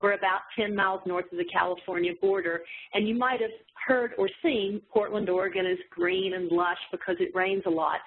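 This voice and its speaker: A woman's voice: medium pitch, brisk, hardly any pauses, slight background noise. A woman from West Virginia with a slight Southern accent, presenting a webinar in a chatty, self-deprecating way over a video call. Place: home in a small town. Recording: tinny phone-like line.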